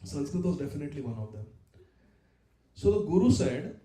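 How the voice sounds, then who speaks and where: A man teaching a scripture class, telling a story in an animated way, acting out the dialogue and laughing often. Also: a little high, brisk, pauses often, reverberant. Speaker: spiritual teacher.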